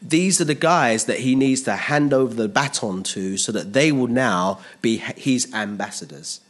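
A man's voice: medium pitch, moderate pace. A man preaching a sermon as pastor, earnest and emphatic, repeating phrases and asking the congregation rhetorical questions.

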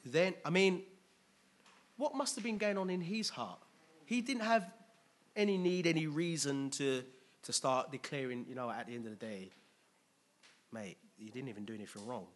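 A man preaching a conversational, animated sermon, laughing often and restarting his sentences. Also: a little high, normal speed. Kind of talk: expository sermon.

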